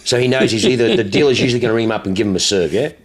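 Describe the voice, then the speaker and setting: A man's voice: fairly low pitch, rapid-fire. A man with an Australian accent, a car dealer telling blunt, profane anecdotes in casual chat.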